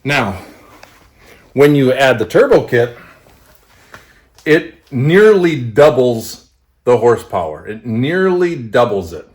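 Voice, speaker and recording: Excited guy in his garage going on about his tractor, keeps saying okay and right. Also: mid-range voice, slow, pauses often. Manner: enthusiastic, repetitive, keeps adding "okay?" and "right?". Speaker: tractor channel host. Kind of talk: casual enthusiastic equipment talk to camera.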